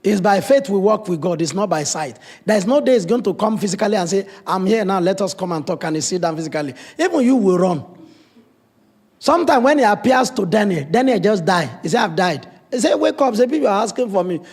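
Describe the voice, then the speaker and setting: A man's voice: high-pitched, animated, fairly quick, a little mellow, breathy edge. A man from Africa preaching a sermon as pastor, in a conversational way with blunt humor.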